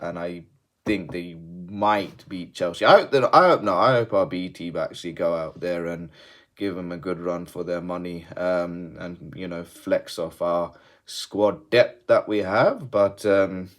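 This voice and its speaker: Male football vlogger, low voice, loose sweary rant delivery. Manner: swears freely, swings between laughing and grumbling. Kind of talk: casual post-match rant.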